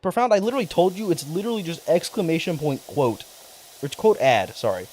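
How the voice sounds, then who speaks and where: A young man talking to his chat on a stream in a loose, rambling way, cursing often and getting excited. His voice sits at an ordinary pitch but swings up and down freely. A faint hiss runs underneath. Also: fast talker. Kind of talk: casual livestream chat.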